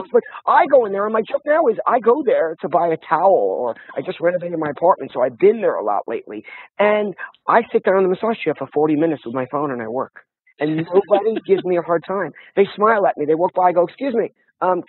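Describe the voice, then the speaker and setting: A man with a high, husky voice tells lively stories in casual conversation, often starting over mid-sentence. The sound is tinny and phone-like and very dry. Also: dry recording. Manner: animated storytelling with many restarts. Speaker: guest.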